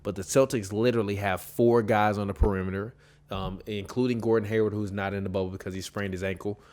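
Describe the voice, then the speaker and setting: A man's voice: fairly low pitch, quick pace. Rambling man in casual sports talk. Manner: animated, rambling, frequent self-corrections. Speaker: podcast co-host.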